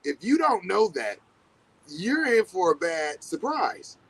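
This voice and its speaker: A man's voice: high-pitched, very animated, slow, vocal fry, a bit bright, breathy edge, low-quality recording. Laid-back man in casual spiritual talk. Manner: loose, conversational, swears often, acts out quoted reactions. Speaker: podcast host.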